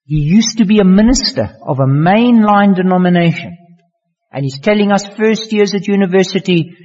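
A male pastor delivers a sermon in an unusually high, husky voice, slow and deliberate. His pitch leaps up on the key words he wants to stress. The recording is dull and lo-fi, with a long reverb from a large hall. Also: animated, darkish tone. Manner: slow, emphatic preaching with rising exclamations.

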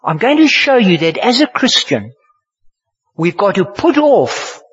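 Older man preaching, husky, animated, fairly high voice. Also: unhurried. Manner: animated storyteller, swings from hushed to loud. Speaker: pastor. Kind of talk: sermon storytelling. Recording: dull lo-fi sermon recording.

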